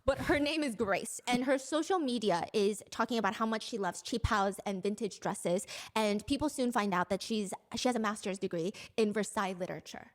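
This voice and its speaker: A young woman hosting, telling gossip stories in an animated, casual way and swearing freely. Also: medium pitch, fairly quick, few pauses. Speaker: host.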